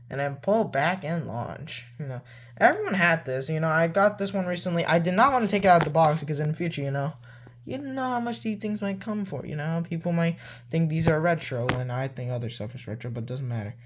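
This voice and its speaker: A man showing off his toy collection in a loose, rambling way, with plenty of "like" and "you know". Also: on the high side. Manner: loose and easygoing. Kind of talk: casual show-and-tell.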